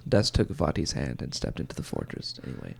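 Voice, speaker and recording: A man co-hosting a casual book discussion podcast, calmly adding details to the plot. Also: a bass voice, brisk, gravelly, breathy edge. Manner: relaxed, adds details and agrees often. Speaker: podcast co-host.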